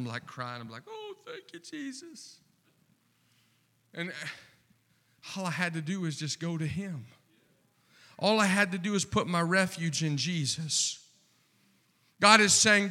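Slow-preaching man with a bright voice. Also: sits high. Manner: impassioned, rising to near-shouting with repeated refrains. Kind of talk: sermon.

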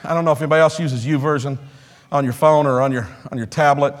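A middle-aged man preaches in a church sanctuary, his voice sitting high for a man. He moves from quiet talk to shouted exhortation, calling out to the congregation. A long reverb trails each phrase through the hall. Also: steady tone, fast talker. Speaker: pastor. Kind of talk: sermon.

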